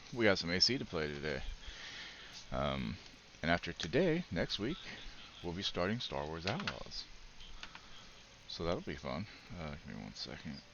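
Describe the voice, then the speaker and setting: A man's voice: sits low, very animated, unhurried, vocal fry, long pauses, muffled recording, noisy background. A man chatting casually on a live game stream, rambling and swearing freely. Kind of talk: casual live gameplay chat.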